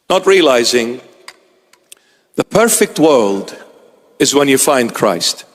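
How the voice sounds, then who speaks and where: A man with a high voice delivers a sermon in a church, slow and emphatic, repeating phrases for weight. His words trail off in a long reverb from the large hall. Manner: slow, emphatic preaching with dramatic repetition. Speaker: preacher.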